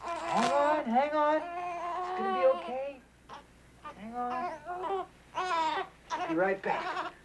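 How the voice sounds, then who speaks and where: A young male actor playing a teenage boy, a high school senior overwhelmed as a new father, pleading and near tears in a 1980s TV drama. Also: very slow, pauses often, heavily acted. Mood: frustrated. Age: teens. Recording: hissy old TV film audio.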